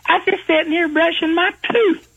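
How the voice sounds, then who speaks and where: A man's voice: very high-pitched, steady tone, normal speed, creaky, fairly bright tone, lo-fi sound, voice pushed up, exaggerated voice. A man voicing a simple young country wife in a made-up radio drama, with a folksy drawl. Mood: chirpy.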